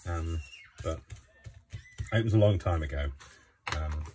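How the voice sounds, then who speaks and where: A man with a low, deep voice chats aimlessly as he crafts at home. He is self-mocking, apologises a lot and jokes about himself. A faint hum sits under the recording. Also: measured pace. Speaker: craft vlogger. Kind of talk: casual chat while crafting.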